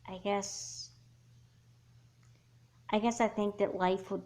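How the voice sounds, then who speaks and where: A woman voicing a sulky teenage doll girl. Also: lowish voice. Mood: resentful. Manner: upset, sighing, halting. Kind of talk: doll movie voice acting.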